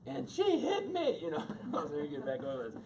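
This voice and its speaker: A man's voice: on the high side, moderate pace, vocal fry. A man giving a storytelling talk to an audience, acting out the voices in his stories. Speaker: speaker. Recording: distant mic with steady noise.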